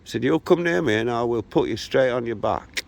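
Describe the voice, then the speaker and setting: A man's voice: medium pitch, fairly quick, vocal fry. A man, telling a story about an argument while walking outdoors. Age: 60s. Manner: animated, re-enacts a street argument. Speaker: vlogger. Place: outdoors, walking through a local park and streets.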